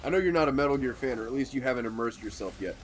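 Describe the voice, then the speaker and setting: A man's voice: medium pitch, animated, rapid-fire, slight background noise. Rambling sarcastic guy chatting over gameplay. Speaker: let's play co-host. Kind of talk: casual gaming chat.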